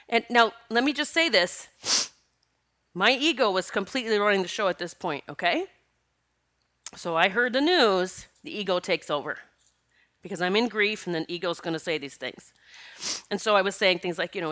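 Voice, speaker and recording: A woman's voice: medium pitch, expressive, fairly quick, sharp tone. Tearful, sniffling woman podcaster. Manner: emotional, rambling, breaks into laughter between tears. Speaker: podcast host. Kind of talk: casual spiritual podcast monologue.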